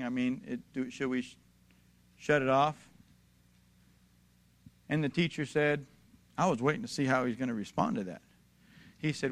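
A man preaching a sermon, emphatic and building to raised declarations, addressing his congregation directly. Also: medium pitch. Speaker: pastor.

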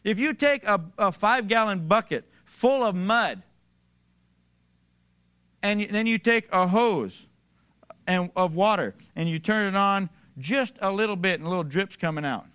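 A male pastor preaching with a bright, forceful edge to his somewhat high voice. He drives his points home emphatically and repeats them as he builds. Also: animated, a little slow, smooth. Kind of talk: sermon.

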